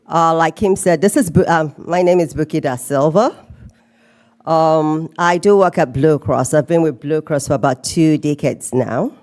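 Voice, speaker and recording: With a low, slightly mellow voice, this middle-aged woman from Nigeria gives a keynote at a conference hall and playfully teases her listeners. She speaks with a Nigerian accent carrying some British influence.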